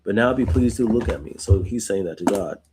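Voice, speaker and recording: Guy reading bible verses then chatting about them, mellow relaxed tone, emphatic at times. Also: lowish voice, brisk, a little hiss or hum. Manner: reads verses, then explains informally with "like" and "right?". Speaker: Bible study host. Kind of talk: reading scripture aloud with casual commentary.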